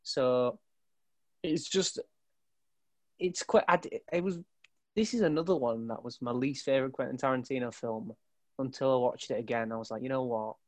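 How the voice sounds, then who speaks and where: A man's voice: medium pitch, normal speed, pauses often, no room sound. A man on a podcast panel, laid-back and rambling in casual chat, swearing now and then.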